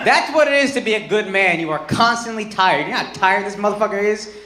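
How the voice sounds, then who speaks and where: A man doing stand-up crowd work, loud and profane, breaking into shouts. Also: high voice, lively intonation, fast. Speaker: stand-up comedian. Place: live comedy venue with audience. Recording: roomy live venue with loud crowd.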